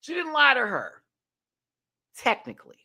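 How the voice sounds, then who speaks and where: Animated ranting man reviewing a show. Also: very high-pitched, unhurried, vocal fry. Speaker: host. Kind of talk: live show review commentary.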